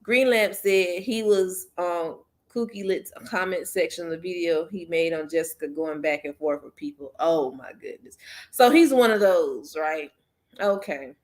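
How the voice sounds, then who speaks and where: A woman hosting an online book club, chatting casually and directly to her viewers, animated and often laughing in exasperation. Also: fairly low pitch, measured pace. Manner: talks straight to viewers. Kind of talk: casual chat.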